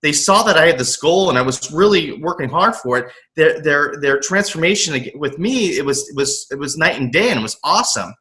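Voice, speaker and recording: A middle-aged man from the US West Coast recounts his story in a casual interview, speaking with a somewhat high, bright, forward voice. He is earnest and animated, slipping into his past inner voice, and often trips over and repeats words as he goes. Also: a little fast, few pauses. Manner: frequent restarts and repeated words. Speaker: motivational coach, podcast guest.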